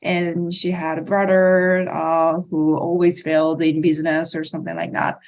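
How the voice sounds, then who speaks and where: A woman from Okinawa, a guest on a podcast panel who explains her points in a thoughtful, measured way. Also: low voice, little pitch movement, a little mellow. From Okinawa, Japan. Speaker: guest speaker.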